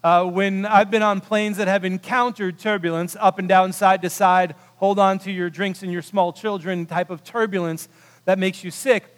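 A man preaching a sermon, telling a story with animated quoted voices, swinging from loud bursts to hushed, quiet moments. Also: sits high, moderate pace, clean tone. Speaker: pastor. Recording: long hall reverb.

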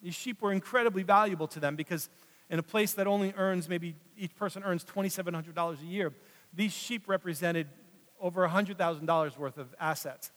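A male pastor preaching a sermon, swinging between loud emphatic passages and hushed, slow drops. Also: high voice. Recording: long reverb of a large hall.

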